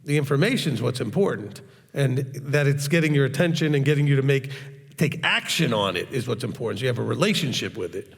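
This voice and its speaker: A man's voice: mid-range voice, expressive, brisk, creaky. A man teaching in a Q&A session, talking in a hard, straightforward and blunt way. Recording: long reverb, echoey hall.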